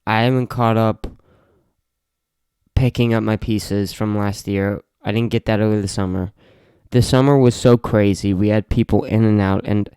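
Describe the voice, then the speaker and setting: A man's voice: on the low side, fairly even intonation, moderate pace, mellow, smooth, no room sound. A teenage guy hosting his own podcast, venting with lots of swearing and repetition in a casual solo rant from a home podcast room. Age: late teens. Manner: profane, venting frustration, repeats himself. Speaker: podcast host.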